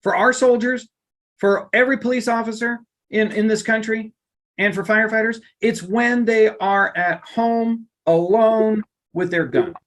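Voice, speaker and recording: A middle-aged man giving a live online workplace lunch-and-learn, emphatic and animated, repeating phrases for effect. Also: sits high, unhurried. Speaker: workplace trainer and coach.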